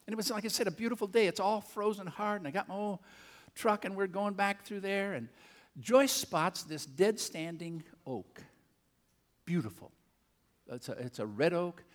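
An older preacher's voice sits high as he rambles through a sermon-story in a church auditorium, folksy and self-deprecating. He throws quick asides to the congregation with a rural turn of phrase, speaking into a handheld or headset mic.

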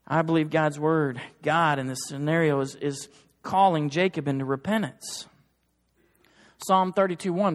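A man preaching a sermon to his church in an earnest, emphatic way that builds to forceful exhortation. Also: high voice, animated, moderate pace, long reverb tail. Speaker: pastor. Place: church sanctuary.

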